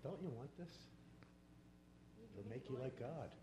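A sly serpent tempting its listener , as a man from the congregation plays him. The voice is dark and mellow, with a husky grain. It rises and falls freely as it coaxes. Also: medium pitch, animated, unhurried. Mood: coaxing. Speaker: volunteer from the congregation.

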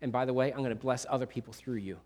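A man voicing God in a calm, plain, reassuring tone during a sermon. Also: medium pitch, very fast, voice pushed down, close to an everyday voice.

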